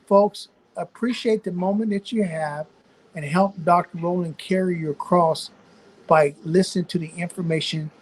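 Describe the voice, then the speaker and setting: Older Southern man with a Louisiana accent, folksy preachy doctor, high for a man. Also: steady tone, normal speed, a little mellow. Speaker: physician guest. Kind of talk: live-stream discussion.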